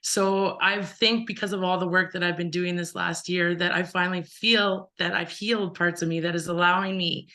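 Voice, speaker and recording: A woman's voice: on the low side, bright, forceful tone. A woman taking part in an online workshop, speaking earnestly while still recovering from losing her voice. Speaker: workshop participant. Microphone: video call.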